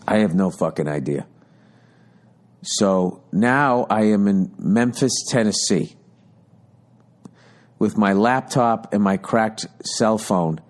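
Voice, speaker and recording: Man, 50s, podcast host, rambling comic story, profane, exasperated, fast rants. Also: lowish voice. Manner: profane, exasperated, rapid ranting. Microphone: podcast studio mic.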